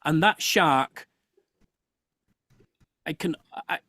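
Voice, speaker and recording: A host in casual chat tells a story with animated energy, stopping and restarting mid-sentence. The voice sits at a middling pitch, recorded dry and close with no room sound. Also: drawn-out words, no room sound. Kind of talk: casual chat on a live show.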